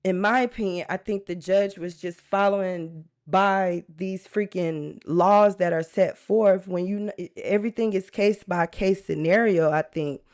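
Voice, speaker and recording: A woman's voice: medium pitch, fairly even intonation, a little slow, hardly any pauses, a little mellow. A woman hosting a true crime live stream, talking earnestly and chattily straight to her viewers. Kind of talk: casual live-stream commentary.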